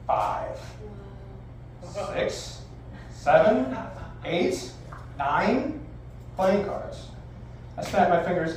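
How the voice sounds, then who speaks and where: A man in his forties works a live bar crowd as a magician, his voice sitting high for a man. His patter is brash, theatrical and salty. The sound is heavily echoey, picked up from well off the mic with a faint hiss behind it. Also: far from the mic. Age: 40s. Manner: brash, profane, theatrical showman. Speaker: stage magician. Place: live bar venue stage.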